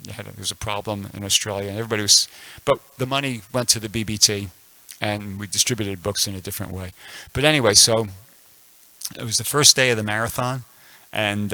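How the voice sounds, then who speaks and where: A man's voice: on the low side, steady tone, brisk, sharp tone, no room sound, rough recording. A man in his sixties giving a casual scripture class at a temple, telling a personal story with many restarts and fillers. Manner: rambling, frequent restarts and fillers.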